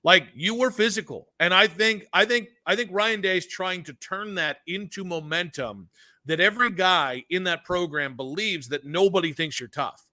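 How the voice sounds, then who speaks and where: Bright, high-voiced man talking sports. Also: moderate pace. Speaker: radio co-host. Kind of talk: sports radio chat.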